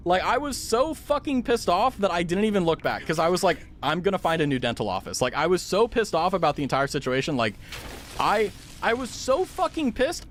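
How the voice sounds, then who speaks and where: A young man streaming a game and telling a rambling, swear-heavy story in casual chat, laughing loudly at times. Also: sits high, a little hiss or hum. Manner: animated, loud laughs. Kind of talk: casual chat while gaming.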